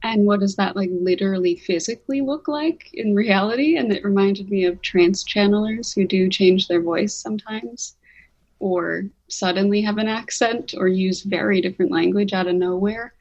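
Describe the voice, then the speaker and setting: Woman, mid pitch, podcast co-host, earnest, reflective, light laughter. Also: normal speed, darkish tone, dull audio. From United States. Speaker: podcast co-host and spiritual reader. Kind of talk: casual podcast chat.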